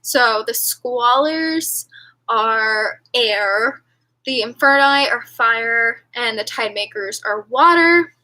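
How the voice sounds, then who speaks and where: A woman's voice: on the high side, slow pace, sharp tone, low-quality recording. A young woman hosting a live stream, chatting casually and rambling with lots of fillers and giggles. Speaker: livestream host. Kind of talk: casual livestream chat with viewers.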